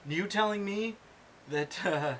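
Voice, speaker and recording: A man with a fairly high voice, animated and teasing as he chats and laughs. A faint hiss sits under the recording. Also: slow pace. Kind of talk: casual chat.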